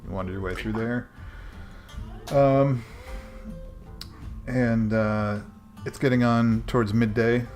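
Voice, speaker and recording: A man's voice: medium pitch, fairly even intonation, takes it slowly, a little mellow, soft background music. A man narrating a tabletop game as game master, hesitant and full of ums.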